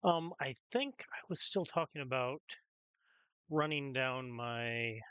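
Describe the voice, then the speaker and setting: A man's voice: mid-range voice, slow, a bit bright, clear, resonant tone, dry recording, muffled recording. Rambling man narrating his game. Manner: rambling, hesitant, many ums and restarts. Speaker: gameplay streamer. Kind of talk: casual commentary over gameplay.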